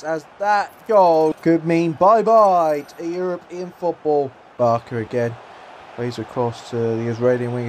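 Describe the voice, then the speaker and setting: A young man calls his football game match with a high, bright voice. He swings from hushed muttering to sudden excited shouts, with a little faint room noise behind him. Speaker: gaming YouTuber.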